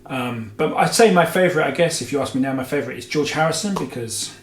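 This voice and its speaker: Talking fast in a fairly high voice, a man hosting a guitar show responds to viewer questions. He rambles casually, leaning on filler "you know"s and correcting himself, while the recording has roomy echo and faint background music.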